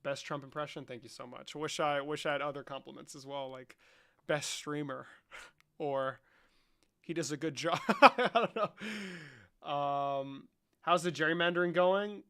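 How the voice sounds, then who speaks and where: A man's voice: on the high side, unhurried, fairly bright tone. A young man around twenty, casually chatting on a livestream in a joking, sarcastic way and swearing a lot. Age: young adult.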